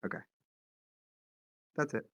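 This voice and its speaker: A man's voice: takes it slowly, dry recording. A man playing a tabletop role-playing game, talking in a playful, chatty way. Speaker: player. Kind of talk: tabletop role-play chat.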